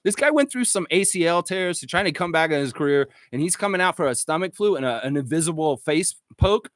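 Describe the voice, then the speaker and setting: A man's voice: fairly high pitch, fairly quick, hardly any pauses, dry recording, studio quality. A man hosting a live stream, ranting with lots of swearing and reading viewer comments aloud. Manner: profane, excitable, reads chat aloud. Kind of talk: casual live-stream rant.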